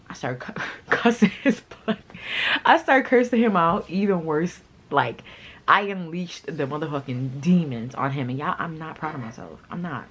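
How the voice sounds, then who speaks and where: Husky low-voiced woman vlogging a story, blunt and animated, cusses a lot. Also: normal speed, rough recording. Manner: blunt, animated, swears freely. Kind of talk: casual storytime.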